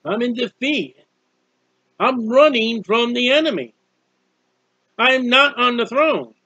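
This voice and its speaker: A man's voice: extremely high pitch, animated, slow pace, pushed and bright, no echo, muffled recording. A man preaching an informal sermon on a psalm, earnest and conversational, often repeating himself. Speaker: street preacher.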